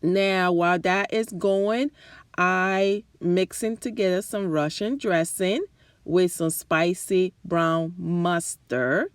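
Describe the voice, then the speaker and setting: A woman hosts a casual cooking demonstration at her stove, talking slowly and chattily to her viewers. Her voice is fading as she goes, and the sound is close and dry with pans sizzling behind her. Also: fairly low pitch, no room sound. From New Jersey and New York area. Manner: chatty, enthusiastic, addresses viewers directly. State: losing her voice. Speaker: cooking channel host. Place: home kitchen at the stove.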